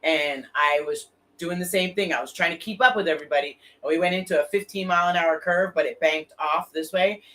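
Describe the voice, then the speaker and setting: A woman hosting a relaxed talk show, her voice bright and ringing. She tells animated stories about her own rides and swears without a second thought. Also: on the low side, fairly quick, hardly any pauses. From Florida. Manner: animated storyteller, swears freely. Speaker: podcast host. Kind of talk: casual chat.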